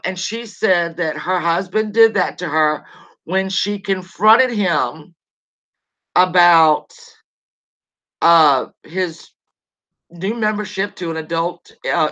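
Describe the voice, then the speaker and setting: Chatty gossiping woman, bright tone. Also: on the low side, takes it slowly. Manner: chatty, rambling, greets viewers mid-story. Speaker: show host. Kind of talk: casual gossip livestream. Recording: lo-fi dull sound.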